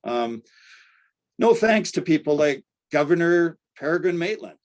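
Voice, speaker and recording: An older man giving an academic lecture in a conversational way, often checking in with "right?" and pausing on fillers. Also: on the high side, very animated, a little mellow. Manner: conversational, tags points with "right?", frequent fillers. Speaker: archaeology lecturer.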